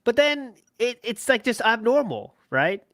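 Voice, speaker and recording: Dude hosting a podcast, crude jokes, laughs a lot, dry close mic. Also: male voice, very high voice, sing-song, a little slow, a bit bright, dry recording. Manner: crude joking, laughs often, mock voices. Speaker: podcast host. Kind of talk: casual podcast chat.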